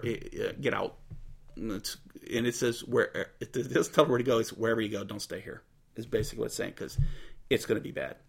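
Gravelly husky man teaching scripture. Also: medium pitch. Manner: relaxed and conversational, with frequent "uh" between passages. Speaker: Bible teacher. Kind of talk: reading scripture aloud and explaining it casually.

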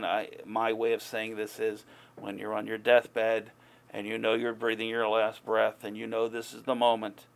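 Gravelly man preaching a casual sermon. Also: on the low side. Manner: conversational, gets heated and emphatic. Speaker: pastor. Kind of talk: informal sermon.

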